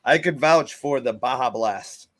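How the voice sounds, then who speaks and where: A man's voice: medium pitch, a little slow, fairly bright tone, dry recording. Laid-back laughing morning show host man. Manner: easygoing, laughs often, loose recaps. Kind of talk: casual chat.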